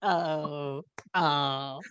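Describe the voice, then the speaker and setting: A woman's voice: low voice, fairly even intonation, very slow, fairly bright tone, muffled recording. A woman co-hosting a podcast, speaking hesitantly with fillers and dry quips. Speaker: podcast co-host. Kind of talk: casual podcast banter.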